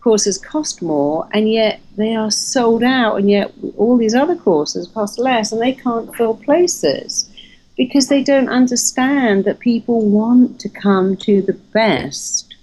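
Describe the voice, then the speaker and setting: Her voice on the high side and her pace slow, this hypnotherapist and trainer of therapists is heard through poor audio. She talks emphatically in a casual interview, telling animated stories with acted-out quotes.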